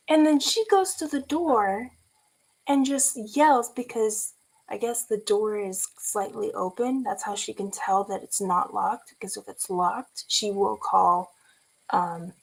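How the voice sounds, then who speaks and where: A woman's voice: a little high, big pitch swings, measured pace, creaky, breathy edge, poor audio. A woman in her forties from California, telling a story in a casual vlog and laughing often. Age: 40s. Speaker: vlogger.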